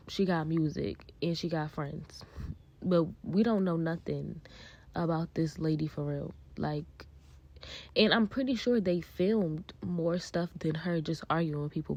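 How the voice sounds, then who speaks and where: A woman's voice: low-pitched, dark tone. A woman casually recapping a reality show, chatty and blunt with her opinions. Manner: chatty, blunt opinions, acts out cast quotes. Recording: dull lo-fi sound.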